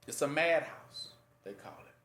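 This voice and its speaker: A man teaching scripture in a casual sermon, often pausing to ask listeners to fill in the last word. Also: a little high, expressive, a bit bright. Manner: rhetorical fill-in-the-blank questions to listeners; conversational, plain-spoken. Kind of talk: informal Bible teaching sermon. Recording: echoey room.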